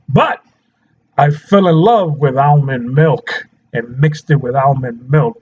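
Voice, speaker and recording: This man, a nutrition coach, talks casually to camera about health in a slow, mid-range voice that is a little mellow and husky. The sound is lo-fi. He's chatty, laughs often, and keeps checking in with his listeners.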